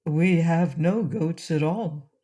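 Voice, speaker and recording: A woman reading an audiobook, voicing a dignified island king who speaks calmly and courteously at a slow pace. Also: low voice. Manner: calm, courteous, measured.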